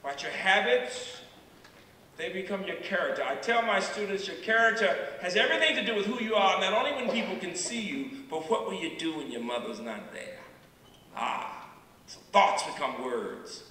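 A man in his sixties, a university president giving a public lecture, telling stories with dramatic pauses and repeated refrains. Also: high-pitched, animated, sharp tone, a little hiss or hum. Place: large lecture hall. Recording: echoey hall from far off.

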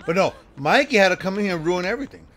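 A man streaming a horror game, reacting with loud exclamations and frequent laughter. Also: high voice, expressive, very fast, slight background noise, rough recording. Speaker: livestreamer. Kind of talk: excited gameplay commentary.

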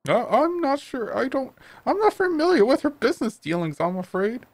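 A man voicing a timid male shopkeeper in a video game, high and jittery, begging and fussing. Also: big pitch swings, moderate pace, dry recording, heavily acted. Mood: evasive. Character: timid nervous male shopkeeper, pleading and fussy.

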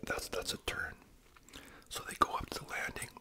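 A man in his sixties telling a long story in a whispered ASMR voice, rambling and adding tag questions as he goes. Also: normal speed.

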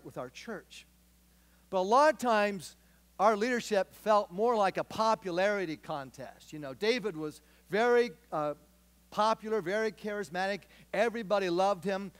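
Middle-aged male pastor, high voice, earnest storyteller who drives points home by repeating them. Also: a bit bright. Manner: earnest, storytelling, emphatic repetition. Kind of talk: sermon.

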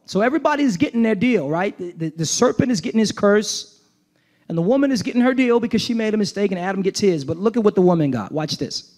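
A man's voice: sits high, expressive, fast, a little mellow. A male pastor preaching a sermon, emphatic and informal, with slangy asides and call-and-response checks on his listeners.

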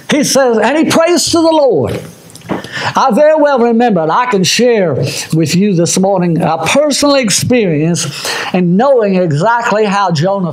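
A man preaching a sermon as pastor, moving between loud, high exhortation and low, quiet asides. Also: slight background noise, poor audio. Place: church sanctuary.

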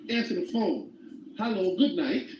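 A man putting on a loud Jamaican man's voice with patois slang, in mock impressions. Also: high-pitched, animated, normal speed, reverberant, dull audio, background noise, voice pushed up. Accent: put-on Jamaican.

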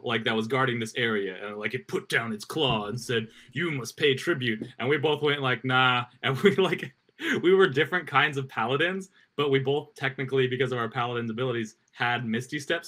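A man's voice: medium pitch, a little fast, pushed and bright. A man co-hosting a casual podcast chat about tabletop games, rambling with many fillers and frequent laughs. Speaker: podcast co-host.

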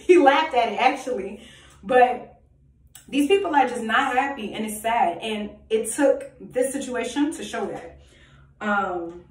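A woman giving an emphatic, preachy personal monologue full of rhetorical questions and repetition. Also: on the high side. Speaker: self-styled prophetic vlogger. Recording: echoey room, voice far from mic.

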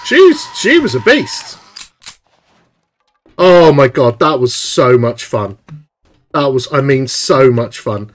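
A young man giving excitable, chatty live commentary while streaming a video game. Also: mid-range voice, slow, pauses often.

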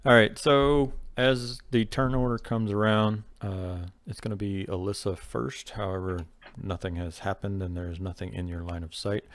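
A man's voice: on the low side, flat delivery, normal speed, hardly any pauses. A young man running an online tabletop game as game master, patiently explaining the rules step by step over a voice chat microphone.

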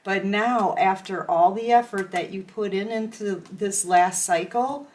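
A woman's voice: medium pitch, unhurried, darkish tone. A woman giving a casual tarot reading, chatty and acting out imagined conversations with a laugh. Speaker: tarot reader.

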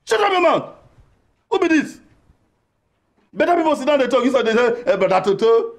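An actor with a Nigerian accent playing a boastful, self-important politician who blusters and threatens. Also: male voice, very high-pitched, big pitch swings, brisk, exaggerated voice. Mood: angry. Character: boastful pompous male big-shot politician. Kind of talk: comedic film acting.

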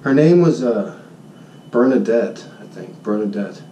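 A man, a high school Spanish teacher, telling a story in a jokey, boastful vlog and acting out his own shouts. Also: lively intonation, measured pace, echoey room, far from the mic, highs cut off, a little hiss or hum. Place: Honolulu.

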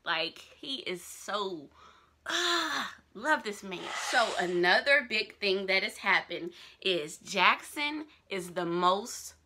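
Young woman, fan vlogger, gushing and excitable, bright and animated delivery. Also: medium pitch, slow pace, few pauses, slight background noise. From Georgia, US. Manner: gushing, excitable, repeats herself. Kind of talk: casual vlog chat.

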